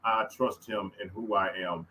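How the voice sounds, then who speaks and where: A man, co-hosting a casual faith-minded podcast chat. He is excitable, laughs often and bursts up high. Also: moderate pace, slight background noise, rough recording. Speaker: podcast co-host.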